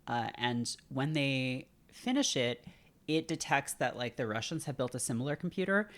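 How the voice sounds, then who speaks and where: A woman's voice: a bass voice, lively intonation, normal speed, fairly bright tone. A woman guest on a podcast, chatting casually and retelling film scenes in quoted voices. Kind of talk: casual chat.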